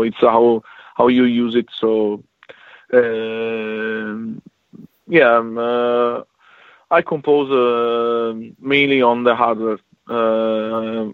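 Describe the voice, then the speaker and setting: A man's voice: medium pitch, smooth, dry recording. A man with a strong Italian accent, for whom English is not his first language, answering interview questions about composing music and hesitating often with fillers and restarts. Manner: halting, many fillers and restarts. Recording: tinny phone-like line, dry.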